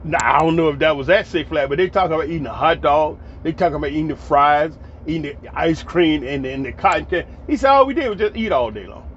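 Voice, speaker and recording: This Atlanta, Georgia man has a fairly high voice and talks fast with hardly any pauses, spinning old stories in a rambling, folksy monologue for his vlog. He repeats words when he restarts, and the lo-fi audio is dull with faint background noise.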